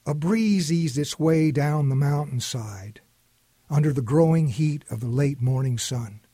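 A man narrates a homespun story in a calm way. His husky voice sits a bit high and moves slowly. The recording is dry and close. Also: dry recording.

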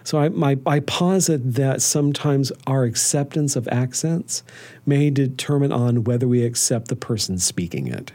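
A man's voice: medium pitch, moderate pace, mellow. A man who is a documentary filmmaker, talking thoughtfully in an interview and asking rising questions. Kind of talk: interview answers.

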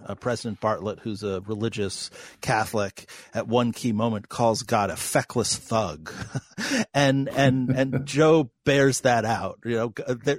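A man's voice: mid-range voice, dry recording. A male interview host asks questions in a conversational, enthusiastic way. His voice sits in a middle register, and the sound is dry and close. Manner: conversational, enthusiastic, with restarts and laughs.

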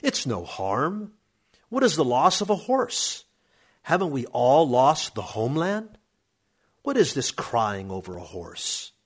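A man's voice: on the low side, slow, few pauses, a bit bright, husky, exaggerated voice. A man voicing a homesick, hot-tempered older uncle who roars dismissive outbursts. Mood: irritated.

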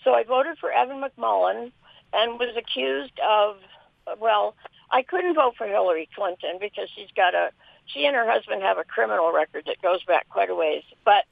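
A woman's voice: mid-range voice, creaky, no echo. An older woman calling in to a radio talk show, emotional and pleading as she speaks. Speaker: caller. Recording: phone line, lo-fi.

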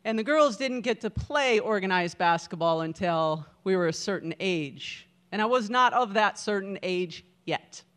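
Smooth-voiced woman in her fifties telling a story. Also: mid-range voice, expressive, moderate pace, few pauses, a bit bright. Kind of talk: live personal storytelling.

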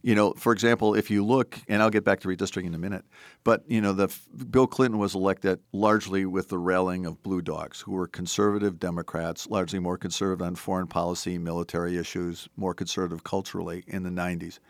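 An older American man, a podcast host and former congressman, talking politics in an animated, emphatic way. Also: low-pitched, fast, dry recording, studio quality. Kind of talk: political interview talk.

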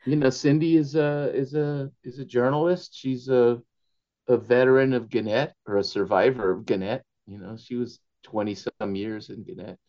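Man telling lively stories, dull recording. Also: mid-range voice, normal speed. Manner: animated anecdotes, laughs often, slips in Spanish phrases. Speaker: author as interview guest. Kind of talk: storytelling in a conversational interview.

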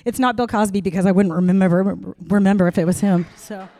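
A middle-aged woman doing stand-up storytelling, frank and animated, acting out the voices in her tale. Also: mid-range voice, fast, slight background noise. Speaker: comedian.

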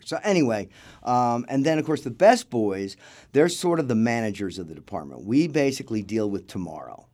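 A man's voice: medium pitch, very animated, brisk, a little mellow. A middle-aged man telling stories in a casual interview as a guest, acting out the voices of the people he quotes. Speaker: interview guest, film crew grip.

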